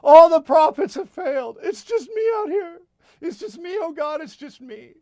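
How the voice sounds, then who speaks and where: Male preacher doing a lone ancient prophet, self-pitying, wailing up high, dry close sound. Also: lively intonation, normal speed, mellow, dry recording. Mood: despairing.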